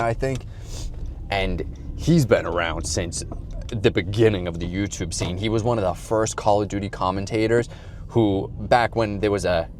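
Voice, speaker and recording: Low-voiced man telling a loose story. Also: darkish tone, a little hiss or hum. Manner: loose, profane storytelling with acted-out quotes. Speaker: podcast host. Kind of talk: casual chat.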